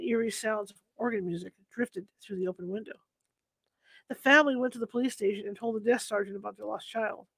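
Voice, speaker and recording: Very high-voiced man reading ghost stories. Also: no room sound, rough recording. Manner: steady reading with occasional slips and self-corrections. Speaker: storyteller.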